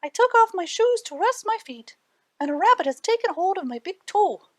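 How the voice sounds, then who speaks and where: A woman voicing a small, sly male leprechaun who speaks high and forceful. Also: very animated, normal speed, no room sound. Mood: pleading, scolding, sly.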